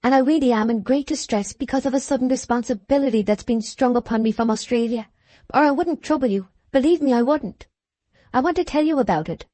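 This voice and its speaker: A woman's voice: high voice, fairly quick, warm tone, no room sound, pitched above the performer's own voice. A woman reading an audiobook, voicing a humble young barmaid who pleads for help in a raised voice. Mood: pleading.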